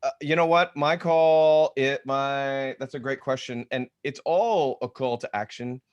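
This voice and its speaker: A man teaching real estate agents on a video call, energetic and conversational, often restarting his sentences. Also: mid-range voice, a little slow, clean tone, highs cut off. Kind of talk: webinar teaching talk.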